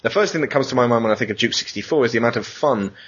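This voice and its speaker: Podcast host, mock-solemn reader, husky voice, dull lo-fi sound. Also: male voice, mid-range voice, very fast, a bit bright. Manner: mock-solemn reading with laughs. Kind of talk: comedy podcast reading.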